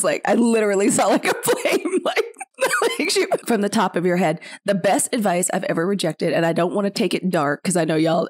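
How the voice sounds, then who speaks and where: Candid, reflective woman with a low voice. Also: darkish tone, dry recording, clean studio sound. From Mississippi, USA. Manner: reflective, candid, drawn-out phrasing. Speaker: podcast co-host, parent. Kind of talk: casual chat.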